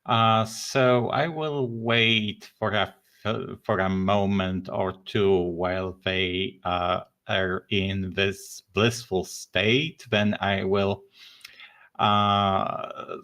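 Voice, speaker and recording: Slow-talking man player. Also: on the low side, fairly even intonation, fairly bright tone. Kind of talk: playing a tabletop game.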